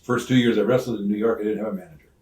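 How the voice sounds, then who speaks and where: An older retired wrestler telling stories in an interview, acting out the voices of others with loud swings. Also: male voice, fairly low pitch, very fast. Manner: animated storyteller, acts out quoted voices, loud swings. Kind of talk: shoot interview storytelling. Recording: roomy sound, mic at some distance.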